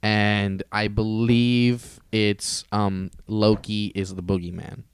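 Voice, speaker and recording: A man's voice: lowish voice, little pitch movement, takes it slowly, smooth, no echo, clean studio sound. A young man chatting casually as a podcast co-host, blunt and opinionated, swearing offhandedly. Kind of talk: casual chat.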